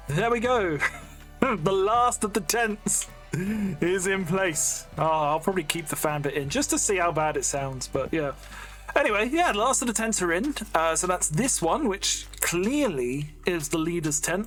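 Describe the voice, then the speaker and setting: A casual YouTuber with an English accent talks through a building game at a middling pitch. The speech rambles and is full of fillers and self-mocking jokes. Soft music plays faintly underneath. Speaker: Minecraft YouTuber. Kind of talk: casual gameplay commentary. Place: home room with a fan running.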